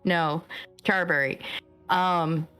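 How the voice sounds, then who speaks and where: A woman runs a tabletop game as game master in a low, slow voice. She rambles easily and fills gaps with "um" and "uh". Faint music plays underneath. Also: clear, resonant tone. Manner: relaxed, rambling, with many fillers.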